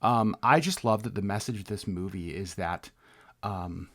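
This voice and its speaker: A man's voice: on the low side, moderate pace, fairly bright tone. A man co-hosting a podcast in casual chat, earnest and enthusiastic, often restarting his sentences. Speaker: podcast co-host.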